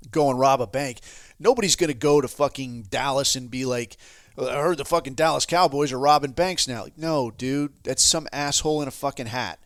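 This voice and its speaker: A man's voice: medium pitch, dry recording. Male podcast host, heated profane rant delivery, mid-range voice, dry room. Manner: heated, swearing constantly, sarcastic asides.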